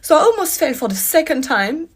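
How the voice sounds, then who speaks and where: Animated woman telling a storytime vlog. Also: sits high, fairly quick. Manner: animated, retelling a street confrontation with rising indignation.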